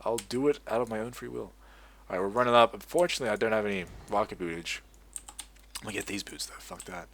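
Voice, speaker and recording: A man's voice: on the low side, quick pace. A young man telling a rambling story full of swearing, then commentating his own game in a casual way. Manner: swears a lot, rambling and animated. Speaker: gaming video creator.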